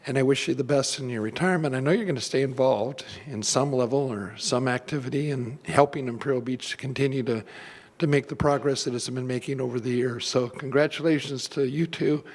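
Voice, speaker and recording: A man's voice: medium pitch, fairly quick. Man, earnest plain-spoken tribute, long hall reverb. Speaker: guest speaker. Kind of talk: formal thank-you speech. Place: council chamber.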